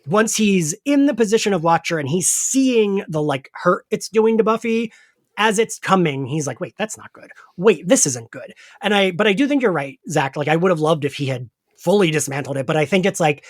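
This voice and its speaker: A man's voice: high-pitched, lively intonation, brisk, no room sound. Guy hosting a podcast, rambly, lots of likes, swears a bit, dry sound. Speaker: podcast host. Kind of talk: casual podcast chat, recapping an episode.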